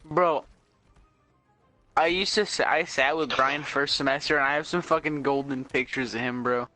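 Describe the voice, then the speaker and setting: A man's voice: medium pitch, steady tone, moderate pace, bright, forceful tone, soft background music. A man ribbing his friends in casual banter, crude and teasing, saying "bro" a lot. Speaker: podcast co-host.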